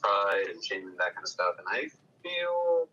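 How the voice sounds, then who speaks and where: A man's voice: low voice, big pitch swings, moderate pace, pushed and bright, highs cut off. A man speaking as a student, hesitant and full of filler words. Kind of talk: casual chat.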